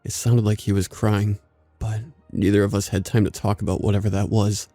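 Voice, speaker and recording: A man narrating a scripted horror story in a steady, measured way. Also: lowish voice, dry recording, faint music behind.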